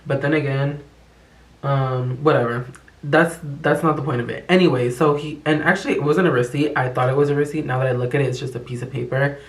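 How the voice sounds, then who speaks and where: A man's voice: mid-range voice, fairly even intonation, a little fast. A young man telling a rambling, slang-filled, profane story in a casual vlog. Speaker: vlogger. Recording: echoey room.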